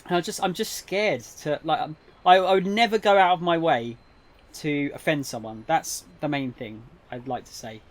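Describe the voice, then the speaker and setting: A man's voice: a little high, normal speed. Rambling young male streamer. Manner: rambling, hesitant, lots of fillers and restarts. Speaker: game streamer. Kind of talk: casual live-stream chat.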